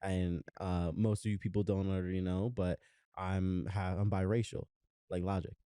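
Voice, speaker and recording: Young male podcast co-host, low dark voice, loose rambling chat, dry mic. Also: little pitch movement, normal speed, smooth, no room sound. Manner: rambling, lots of fillers and restarts. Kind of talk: casual chat.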